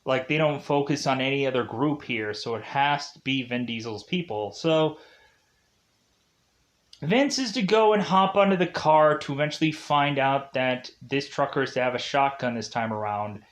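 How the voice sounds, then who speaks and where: A man's voice: on the high side, normal speed. A young man casually recapping a movie's plot, rambling with lots of "like" and "uh" fillers. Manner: rambling, heavy use of "like" and "uh".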